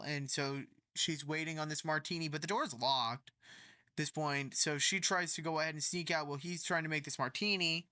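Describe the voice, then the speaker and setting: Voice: medium pitch, normal speed, sharp tone, no echo. A storytime narrator casually retelling a story in a rambling way with many fillers.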